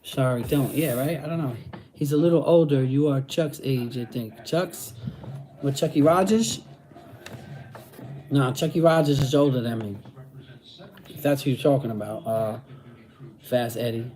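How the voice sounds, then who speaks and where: A man's voice: medium pitch, a little slow, long pauses, mellow. A middle-aged man chatting casually on a livestream, using street slang and repeating phrases. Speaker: host reading live chat.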